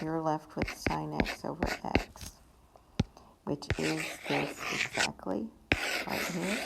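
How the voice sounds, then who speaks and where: A woman's voice: low-pitched, vocal fry. A woman math teacher working through problems step by step in a recorded lesson, thinking aloud in a plain, patient way. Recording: loud background noise with pen writing sounds.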